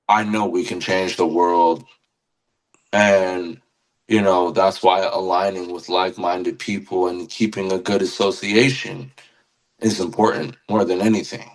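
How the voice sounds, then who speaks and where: A man with a fairly low voice talks on a podcast as a guest musician. He speaks earnestly and with deep feeling, often restarting and repeating words as he gathers his thoughts. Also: poor audio. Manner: earnest, passionate, repeats words while searching for them. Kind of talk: casual podcast conversation.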